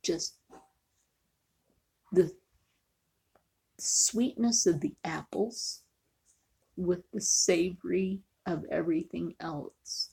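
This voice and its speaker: Woman, husky, fry in the voice, lowish pitch, casual vlog chat, half-whispered asides. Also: very slow, pauses often, a little mellow. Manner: chatty, jokey, sometimes drops to a near whisper. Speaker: vlogger.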